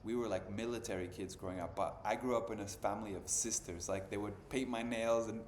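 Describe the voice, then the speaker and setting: A man's voice: lowish voice, fairly even intonation, fairly quick. A man in his thirties hosting a podcast, chatting casually in a loose, slangy way full of "bro" and "dude". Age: 30s. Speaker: podcast host. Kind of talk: casual chat. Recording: echoey room with faint ambient noise.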